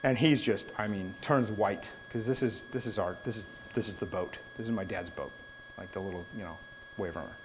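A man's voice: fairly low pitch, a little fast, slight background noise, rough recording. A young adult man giving a sermon, telling a story in a casual way and then turning it into an earnest exhortation. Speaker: preacher.

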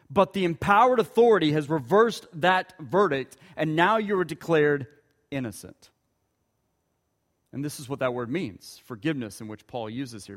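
Emphatic preacher in a reverberant hall. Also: male voice. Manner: emphatic preaching, slowing and dropping low on key words. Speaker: pastor. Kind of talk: sermon.

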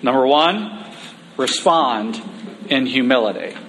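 A man preaching a conversational sermon, humorous at times and slowing down for emphasis. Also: mid-range voice, lively intonation, a bit bright, a little hiss or hum.

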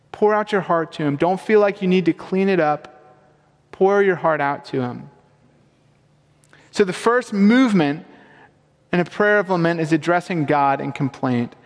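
High-voiced earnest preaching man. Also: big-room sound. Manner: earnest, emphatic preaching with rising questions. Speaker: pastor. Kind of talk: sermon.

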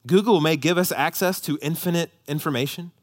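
A man preaching a sermon as pastor, impassioned and emphatic, rising to loud peaks. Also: fairly high pitch, brisk.

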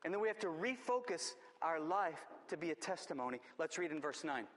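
A man's voice: fairly high pitch, very animated, brisk, hardly any pauses, fairly bright tone. A man preaching a sermon as a pastor, emphatic, repeating his key phrases. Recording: long church reverb.

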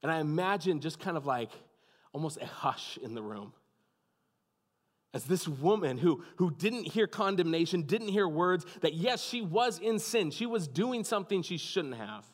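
A pastor giving a sermon, telling the story with dramatic pauses and dropping to a hushed, soft voice. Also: male voice, on the high side, expressive, in a large hall.

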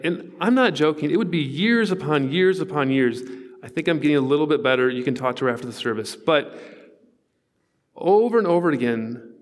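Earnest pastor preaching in a reverberant hall. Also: male voice, mid-range voice. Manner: earnest, conversational storytelling with asides to the congregation. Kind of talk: sermon. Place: church sanctuary.

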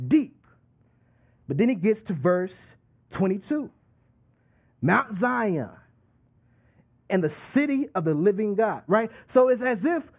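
A man preaching a sermon with emphatic, drawn-out delivery and call-and-response asides. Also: high-pitched, gravelly, breathy edge.

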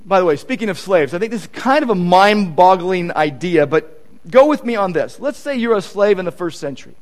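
Lively high-voiced male preacher. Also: fairly quick. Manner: animated, acts out quoted conversations; emphatic repetition. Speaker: pastor. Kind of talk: sermon.

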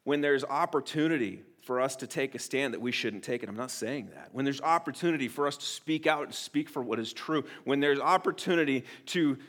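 A man preaching a sermon as pastor, earnest and emphatic, often restarting phrases and swinging between quiet and loud. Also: fairly high pitch.

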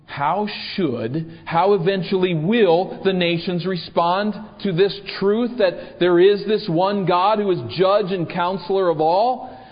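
A man's voice: high voice, slow pace, few pauses, in a large hall, highs cut off. A man preaching a sermon, reading scripture and asking the congregation rhetorical questions. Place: church.

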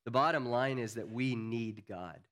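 A man preaching a sermon as pastor, earnest, building to emphatic peaks and then dropping low and quiet. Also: moderate pace.

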